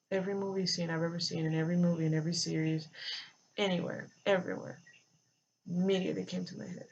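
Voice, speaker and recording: A vlogger recounts a personal story in a hesitant, unscripted way, circling back and filling pauses with ums and uhs. The voice sits at a middling pitch. The recording is muffled and lo-fi, with faint cars passing nearby. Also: a little mellow. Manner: halting, many fillers and restarts. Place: near a road with passing cars. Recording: dull lo-fi with faint traffic noise.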